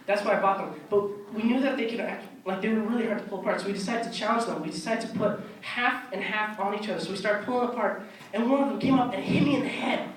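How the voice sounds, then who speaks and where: A teenage boy doing animated stand-up comedy on a stage, slipping into silly voices. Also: high voice, fast talker. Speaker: stand-up performer. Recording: echoey hall from far off, noisy.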